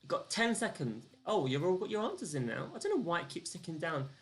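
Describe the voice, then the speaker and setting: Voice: mid-range voice, sing-song, brisk. A live-streamed quiz host, chatty and self-deprecating, counting down the clock and reading out the answers and the leaderboard.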